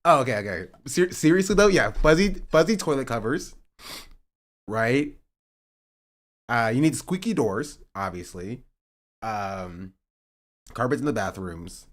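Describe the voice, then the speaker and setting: A young man streaming live, chatting casually and joking sarcastically, and he sometimes rises into an animated rant. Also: medium pitch, a little slow, pauses often. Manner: joking and sarcastic, reading chat aloud; rising to animated ranting. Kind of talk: casual livestream chat.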